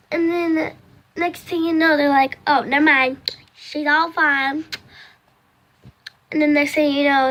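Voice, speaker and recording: A woman's voice: high voice, fairly bright tone. A teenage girl telling a storytime vlog casually, rambling with lots of fillers and acting out her own cries. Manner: rambling, lots of "like" and "next thing you know"; acts out her own cries and quoted lines. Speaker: vlogger.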